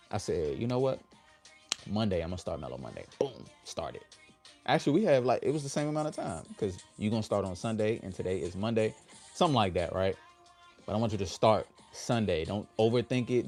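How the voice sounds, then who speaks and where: Mellow-voiced man hosting a motivational livestream. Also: lowish voice. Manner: upbeat, repeats affirmations with the audience. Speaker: livestream host.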